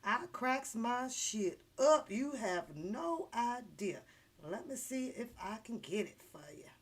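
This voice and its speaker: A woman with a high, bright-pitched voice rants to her viewers in a loose livestream style. She teases and swears freely, breaking into laughter as she goes. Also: slow pace. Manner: animated, profane, teasing, laughs often. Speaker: vlogger. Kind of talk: casual ranting livestream commentary.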